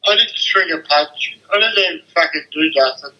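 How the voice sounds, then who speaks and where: A man's voice: on the high side, moderate pace, sharp tone, a little hiss or hum, low-quality recording. An older man, shaken and tearful, describing what happened to him in a distressed, sweary, repetitive way over the phone. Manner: distressed, swearing, repeating himself. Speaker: interviewee. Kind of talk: emotional phone interview.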